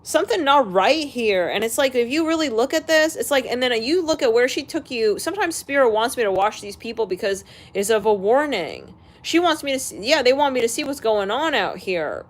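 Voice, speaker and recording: A woman's voice: on the high side, animated, brisk, hardly any pauses. A woman hosting an astrology channel, ranting casually and bluntly to her viewers, swearing freely and laughing between remarks.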